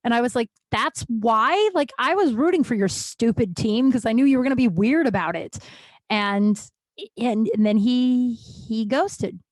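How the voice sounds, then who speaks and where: A woman's voice: on the high side, moderate pace, a little mellow, no echo. A woman in her thirties from Colorado, hosting a podcast and telling a personal story in a candid, self-mocking way with plenty of swearing. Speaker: podcast host. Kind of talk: casual storytelling monologue.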